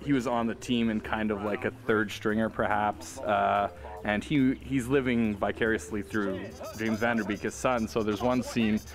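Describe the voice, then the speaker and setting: A man's voice: on the low side, fairly even intonation, normal speed, music in the background. A young man who plays football, chatting in a dry, easygoing way. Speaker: football player co-host. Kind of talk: casual chat.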